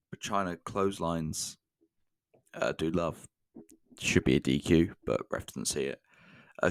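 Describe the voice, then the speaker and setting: A British man talks through a wrestling show in a loose, casual review, dropping dry sarcastic jokes between frequent ums. His voice sits low and deep, recorded close and dry with no room sound. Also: darkish tone, no echo.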